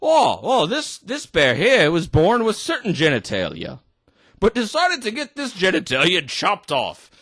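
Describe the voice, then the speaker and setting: A man's voice: sits high, huge pitch swings, slow pace, fairly bright tone, no room sound, studio quality, pitched above the performer's own voice, full character voice. A tipsy man putting on an accent to voice a prim, condescending woman teacher explaining things to a teddy bear. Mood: patronizing. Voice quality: put-on accent. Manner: sing-song, condescending explaining.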